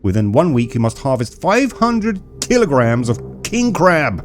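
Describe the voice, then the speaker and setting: A man voicing a gruff male prison officer in a put-on Australian accent, drawling through official paperwork. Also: medium pitch, sing-song, a little slow, soft background music. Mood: brusque official.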